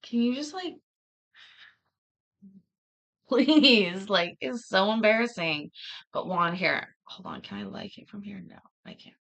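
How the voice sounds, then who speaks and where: A woman's voice: mid-range voice, expressive, slow pace, gravelly, long pauses, fairly bright tone. A woman hosting a livestream, chatting casually and rambling, often laughing between thoughts. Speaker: livestream host.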